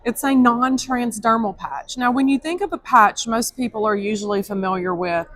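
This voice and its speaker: Upbeat woman pitching a product. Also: moderate pace, a bit bright. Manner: upbeat, explanatory sales pitch. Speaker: company representative.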